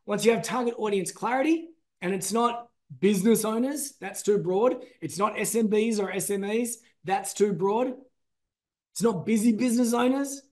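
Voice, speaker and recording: A man presenting a business masterclass, energetic and emphatic, calling out to his audience. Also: sits high. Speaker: business trainer.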